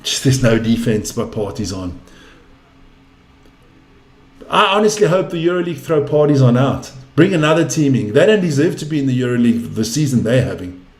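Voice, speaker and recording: A man's voice: medium pitch, sing-song, fast talker. Ranting man in an echoey room. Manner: exasperated, ranting, swears freely. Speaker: live-stream basketball commentator. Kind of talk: casual profane live commentary.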